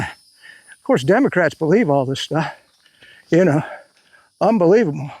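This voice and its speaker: A man rants through an online commentary in a sharply high voice, angry and biting with sarcasm. He rambles and doubles back as he talks. The recording is dry and close. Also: very animated, normal speed, long pauses, dry recording. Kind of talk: ranting commentary.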